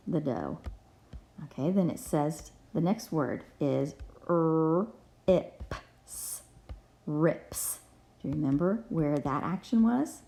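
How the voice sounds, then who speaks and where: Slow, lively-voiced woman teacher. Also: sits low. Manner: patient, spells words out letter by letter. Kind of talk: reading lesson for young children.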